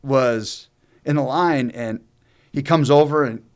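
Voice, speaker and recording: A man's voice: mid-range voice, slow. A man telling a long personal story in casual chat, rambling and profane, with many fillers and restarts. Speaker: co-host telling his own story.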